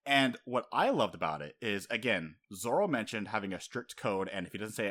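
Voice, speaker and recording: An animated young man talks through a story for his podcast, and his pitch swings widely as he goes. He drops casual swears and now and then slips into quick character voices before going back to his own easy chat. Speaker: podcast co-host.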